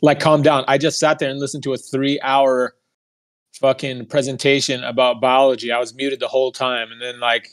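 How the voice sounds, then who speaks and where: A man's voice: mid-range voice, little pitch movement, normal speed. A young man telling a heated, profane story in a casual monologue, mocking the people he quotes. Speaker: podcast host.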